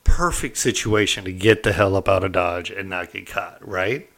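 A middle-aged man with a low voice spins a personal story in a loose, candid way. He keeps checking in with his listener and drops the odd curse word. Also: normal speed, creaky. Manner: candid and animated, peppered with "right?" and mild cursing. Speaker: storyteller recounting prison life. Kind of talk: casual anecdotal storytelling.

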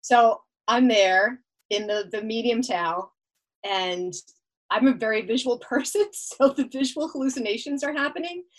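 A woman's voice: a little high, normal speed, poor audio. A woman telling a long story as a podcast guest, laughing often as she talks. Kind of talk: casual storytelling.

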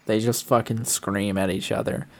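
A man's voice: on the low side, flat delivery, normal speed. A man co-hosting a podcast, talking in a laid-back, profane way with easy laughs. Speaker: podcast co-host. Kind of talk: casual chat.

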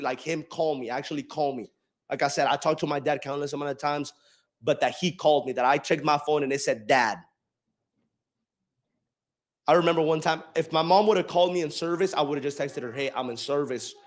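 A young male preacher with a high voice gives a personal testimony from the pulpit. He sinks into quiet reflection and then climbs into loud, shouted emphasis that carries off the microphone across the church. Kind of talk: sermon.

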